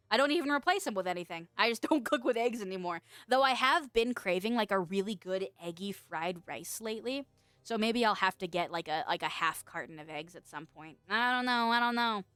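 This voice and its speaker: A woman streaming as a VTuber, chatting casually with viewers, playful and quick to laugh, with casual swearing. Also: mid-range voice, a bit bright, clean tone, no room sound. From United States. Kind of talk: casual chat reading viewer messages.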